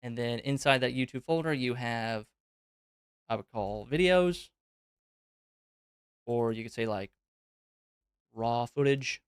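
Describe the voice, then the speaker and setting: A man hosting a live question-and-answer stream, talking loosely and thinking aloud with plenty of fillers. His voice is smooth and clear, at an average pitch, and it sounds dry, with no room echo. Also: slow, pauses often. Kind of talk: casual live Q&A, explaining on screen.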